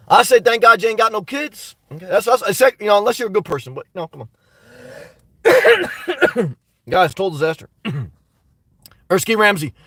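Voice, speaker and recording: A man's voice: very high-pitched, a bit bright, no echo, far from the mic. A man hosting a casual live stream, reading viewer comments and answering them bluntly while fighting a dry cough. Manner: rambling, blunt, talks back to chat comments. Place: inside a car.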